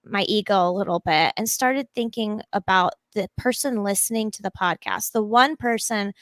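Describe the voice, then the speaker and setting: A woman being interviewed as a podcast guest, talking in an animated, enthusiastic way in long flowing runs. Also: mid-range voice, moderate pace, no echo. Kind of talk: casual interview talk.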